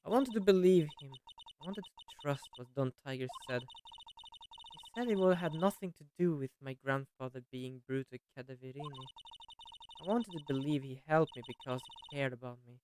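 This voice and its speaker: A streamer reading the lines of a timid, sad young woman in a quiet, subdued voice. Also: medium pitch, huge pitch swings, normal speed, slight background noise, voice pushed down.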